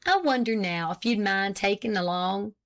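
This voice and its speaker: A woman's voice: medium pitch, moderate pace, lightly acted. Lady putting on an old country geezer, drawly and fretful, folksy talk. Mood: earnest. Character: old rustic New England man, anxious, folksy.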